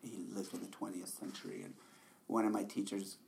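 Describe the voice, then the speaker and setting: A man giving a relaxed, conversational dharma talk as a meditation teacher, often laughing softly. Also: fairly low pitch, fairly quick, vocal fry, noisy background.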